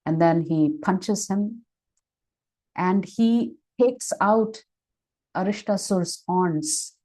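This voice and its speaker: Woman telling holy stories for an online class, slow and mellow, lots of ums. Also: medium pitch, poor audio. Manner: measured retelling with frequent fillers. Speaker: spiritual teacher. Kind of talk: devotional scripture storytelling. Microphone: online session microphone.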